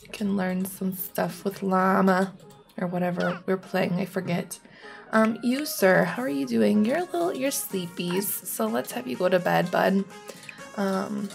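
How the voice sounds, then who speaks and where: A woman's voice: medium pitch, vocal fry. A young woman giving rambling, casual commentary on her own gameplay, full of ums and likes. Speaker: gaming YouTuber.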